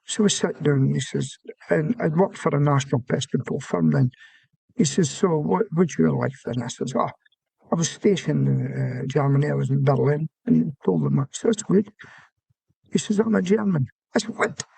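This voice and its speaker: Gravelly older Aberdeen Scottish man. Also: a little high, moderate pace, warm tone, no echo. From Scotland. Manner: rambling anecdotes, acts out quoted dialogue. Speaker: guest, former soldier. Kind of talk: storytelling interview.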